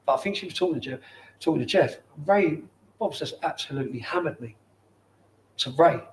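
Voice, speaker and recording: A man in his forties with a London accent, a former footballer telling stories in casual chat in a bar, animated and swearing often. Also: a little high, fairly quick. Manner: animated, swears often, acts out quoted people. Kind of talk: casual storytelling.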